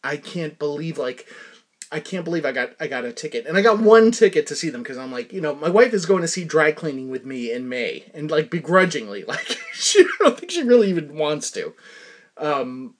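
A man's voice: on the high side, sing-song, brisk. Rambly american guy podcasting, middle-aged, lots of "you know" and restarts. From United States. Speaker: podcast host. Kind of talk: casual chat.

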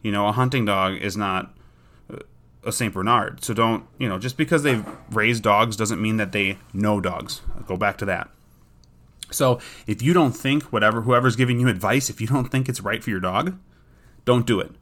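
A man with a fairly low voice talks through dog-owner advice in a casual monologue. He is blunt and opinionated and often restarts his sentences as he goes. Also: normal speed, a bit bright.

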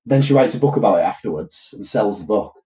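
A man with a very low voice chats casually on a podcast. He tells a story with quick quoted voices, and his mellow, dark tone carries a roomy echo. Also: animated. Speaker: podcast co-host. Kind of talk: casual chat, retelling a TV episode.

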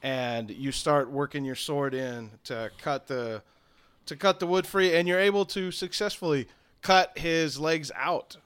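A man narrating a tabletop game as game master, casual and quick to laugh. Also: on the high side, a bit bright, clean tone. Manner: casual, laughing, loose with profanity.

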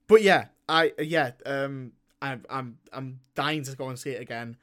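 A British man hosting a film podcast, chatting casually and excitably, laughing and swearing often. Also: mid-range voice, unhurried. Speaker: podcast host. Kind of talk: casual film review chat.

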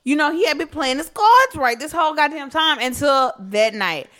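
High-voiced blunt woman storyteller. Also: normal speed. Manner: blunt, profane, animated storytelling. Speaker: podcast co-host. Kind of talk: casual chat.

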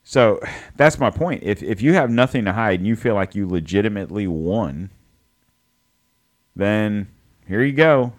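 A man's voice: on the low side, brisk, hardly any pauses. A man co-hosting a podcast, rambling through a casual political chat, swearing and correcting himself as he goes. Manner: rambling, profane, self-correcting. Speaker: podcast co-host.

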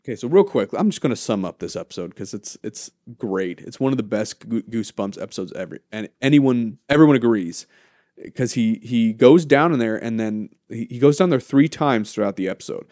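Animated, swearing male podcast co-host. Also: mid-range voice, fairly quick, no echo, studio quality. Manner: animated, swears freely, laughs while retelling. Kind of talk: casual chat.

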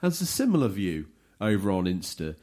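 A man hosting a casual podcast about games, animated and jokey as he reads out listener messages. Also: low voice, moderate pace. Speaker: podcast host.

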